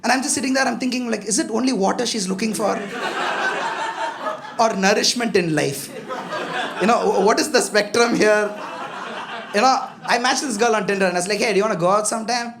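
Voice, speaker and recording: Profane stand-up comic, laughing crowd. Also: male voice, high voice, a little fast, gravelly, pauses often. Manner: loose, profane, chatty, constant "you know" asides to the crowd. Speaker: stand-up comedian. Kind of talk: stand-up comedy set. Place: comedy club stage with a live audience. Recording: live club with audience laughter.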